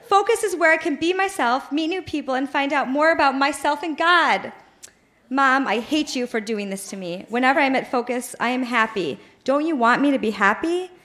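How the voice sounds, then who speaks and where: High-voiced woman reading her teen diary. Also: fairly bright tone. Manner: dramatic, earnest reading with laughter in the voice. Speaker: reader on stage. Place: live show in a bar venue.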